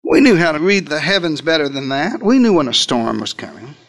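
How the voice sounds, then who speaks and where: A man preaches in a high, light voice, telling the story as if he were one of the disciples. He swings between loud, emphatic lines and hushed asides. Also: sing-song, brisk, vocal fry. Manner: dramatic storytelling, speaking as a disciple. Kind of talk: sermon.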